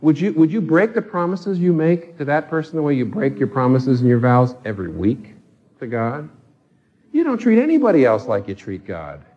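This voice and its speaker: A man's voice: fairly high pitch, big pitch swings, normal speed, breathy edge, highs cut off. A man preaching a sermon with passion, pressing his listeners with pointed rhetorical questions. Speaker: pastor.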